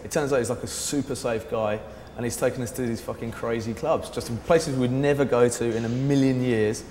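A man's voice: steady tone, fairly quick, a little mellow, a little hiss or hum. Man telling a story, echoey room. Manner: rambling, says "like" often, swears freely; raises his pitch sharply to act out quoted people. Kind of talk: casual anecdote to camera. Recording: echoey room with long reverb.

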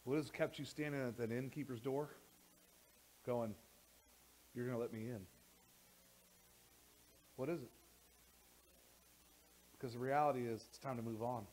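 A man preaching a sermon as pastor in a church, animated, with frequent repeated words and restarts, sometimes rising close to a shout. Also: medium pitch, moderate pace, long pauses, slight background noise, rough recording. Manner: animated, rising to near shouting when worked up.

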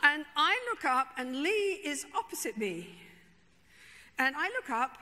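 A woman therapist telling an emphatic, expressive story to a conference audience, with frequent asides to the listeners. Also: sits high, a little slow, a little hiss or hum. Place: large conference hall. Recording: long reverb in a large hall.

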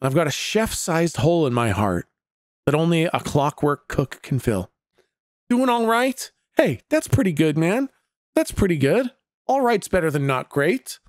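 Lively, slow-talking Canadian man streaming. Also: fairly high pitch, no room sound, studio quality. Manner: laid-back, chatty, frequent laughs and swearing. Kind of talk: casual live-stream chat with viewers.

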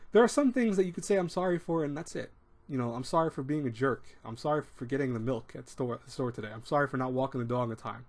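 A man's voice: a little high, darkish tone. A man hosting an advice video, talking in a rambling, emphatic way with many restarts and acted-out quotes. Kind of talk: casual advice monologue.

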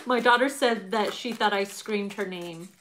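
A middle-aged woman giving a casual tarot reading to viewers, animated and profane, laughing often and acting out quotes. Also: mid-range voice, a little hiss or hum. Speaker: tarot reader.

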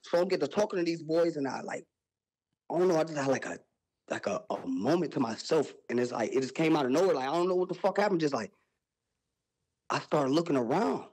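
A young man telling a wild story on a podcast, loud and animated, with sound effects and profane slang. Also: a little high, quick pace, husky, rough recording.

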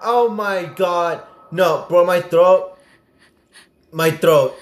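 Young man, gaming streamer, slightly high voice, excitable, swears a lot, roomy echo. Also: drawn-out words. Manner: excitable, sudden yelps, swearing. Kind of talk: gameplay commentary.

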